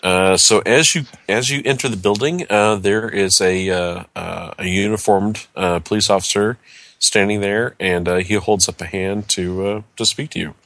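A man narrating as game master, describing scenes in a halting way. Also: lowish voice, fairly bright tone. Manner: halting, descriptive, searches for words.

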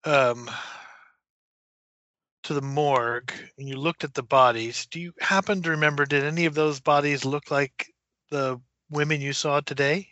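A man at a tabletop game with a bright, forceful voice, speaking politely and in measured phrases. The sound is dry and a little muffled. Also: fairly high pitch, steady tone, no echo. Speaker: player.

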